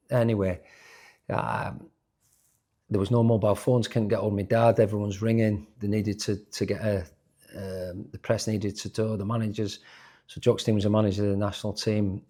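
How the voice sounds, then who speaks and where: A man, a former footballer telling animated stories in an interview, often restarting his sentences. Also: lowish voice. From Yorkshire, England. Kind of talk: casual interview storytelling.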